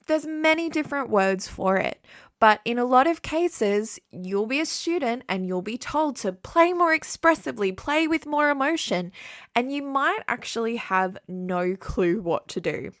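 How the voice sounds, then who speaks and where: A woman hosting a short music lesson podcast, explaining clearly in a friendly teaching tone. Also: fairly high pitch, fairly bright tone, no room sound, clean studio sound. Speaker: saxophone teacher and podcast host. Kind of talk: scripted solo podcast lesson.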